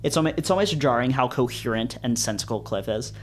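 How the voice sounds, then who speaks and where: A man's voice: mid-range voice, lively intonation, fast. A man reading a visual novel aloud as a let's play host, with amused, wry asides and guitar music behind.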